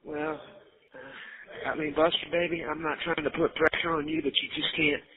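A man's voice: fairly high pitch, level tone, normal speed. A middle-aged man, giving insistent, coaxing fatherly advice on a recorded phone call. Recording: tinny jailhouse phone line.

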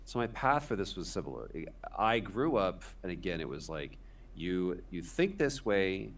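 Low-voiced man telling a story, distant mic. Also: sing-song, measured pace. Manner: rambling, self-deprecating storytelling. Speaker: guest. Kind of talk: casual podcast interview.

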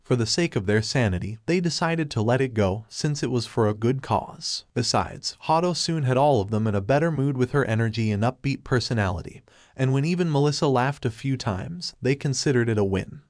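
A man reading a story aloud in an even, steady narrating voice. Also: medium pitch, normal speed, no room sound, studio quality. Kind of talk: reading fan fiction aloud.

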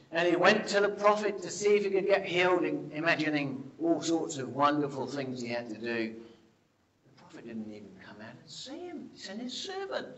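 Slow-paced preacher telling stories. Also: male voice, fairly high pitch, dull audio. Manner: animated storytelling, drops to a hush for quoted lines; asks the congregation rhetorical questions. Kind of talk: sermon.

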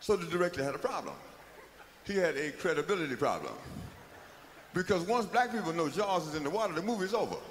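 A man performs a live spoken-word comedy monologue in a loose, rhythmic, profane storytelling manner. His voice is fairly high and swings widely in pitch. It rings through a hall, with a faint hiss behind it. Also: big pitch swings, fast talker. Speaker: comic storyteller.

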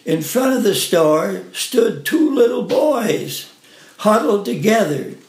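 A man gently reading a first-person family story aloud in an unhurried way. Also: sits high, sing-song. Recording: roomy echo.

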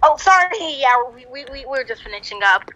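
A woman's voice: high voice, lively intonation, a little fast, bright, forceful tone, low-quality recording. A woman voicing an easygoing young male hedgehog hero, casual and hesitant with lots of fillers, fan voice acting of a game.

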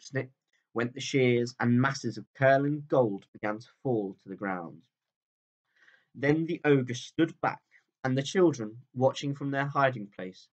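The recording is muffled as a male teacher reads aloud from a children's book chapter. His delivery is steady and calm, falling low at sentence endings.

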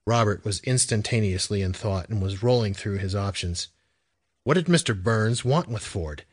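A man's voice: fairly low pitch, animated, moderate pace. Man narrating an audiobook. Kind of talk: scripted narration.

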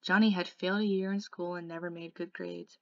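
A woman reading a novel aloud in an expressive way, softening to a hush in the quiet passages. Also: lowish voice, a little fast, creaky. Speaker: audiobook reader. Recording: dull lo-fi recording.

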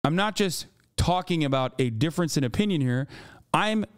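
A man's voice: a little high, animated, moderate pace, smooth, no room sound, clean studio sound. A man streaming a reaction to a debate clip, ranting in a heated, profane and sarcastic way at the clip and at his chat. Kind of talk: heated livestream reaction commentary.

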